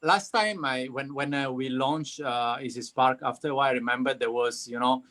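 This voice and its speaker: A man's voice: medium pitch, fairly even intonation, moderate pace, fairly bright tone. A man with an Italian accent, a company founder speaking as a guest in a casual live interview, hesitant and full of fillers and restarts.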